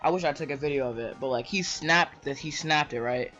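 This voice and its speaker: A man's voice: fairly high pitch, fairly quick, sharp tone. A man ranting casually to camera, rambling and tagging his sentences with "bro" and "right?". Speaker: vlogger. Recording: dull lo-fi mic with faint music.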